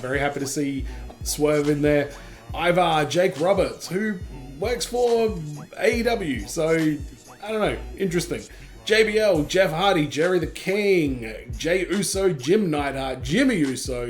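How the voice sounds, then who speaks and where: A man hosts a casual reaction video, reading a long list of names and dropping quick comments as he goes. His voice sits a little high for a man. Soft music plays faintly behind him. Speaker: gaming channel host.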